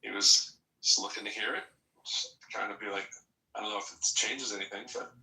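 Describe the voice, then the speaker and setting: A man's voice: fairly low pitch, fairly even intonation, brisk, bright, forceful tone, rough recording. A man hosting a casual group chat, rambling and joking as he calls on people by name. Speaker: host of a group audio chat room.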